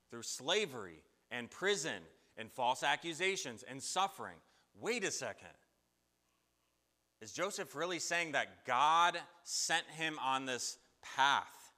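A man's voice: mid-range voice, sharp tone, long reverb tail. A man preaching a conversational sermon, asking the listeners' questions and answering them himself. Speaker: pastor.

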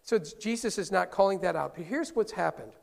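A male pastor preaching a sermon in a lively, conversational way, often questioning his listeners. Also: sits high, fairly quick, gravelly, in a large hall.

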